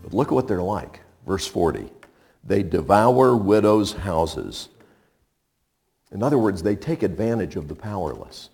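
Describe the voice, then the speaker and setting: A man's voice: low voice, vocal fry, a little mellow. An older man preaching a radio sermon, emphatic and playful, firing off rhetorical questions. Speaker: pastor.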